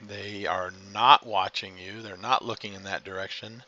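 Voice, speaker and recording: A man who narrates as game master of a tabletop game, in a halting, descriptive way with fillers. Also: lowish voice, fairly even intonation, pushed and bright, lo-fi sound.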